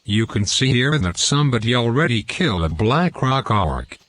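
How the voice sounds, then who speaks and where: A man narrating a game walkthrough, deliberately reading out lore and in-game quotes. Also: medium pitch, big pitch swings, fairly bright tone. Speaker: gameplay commentator.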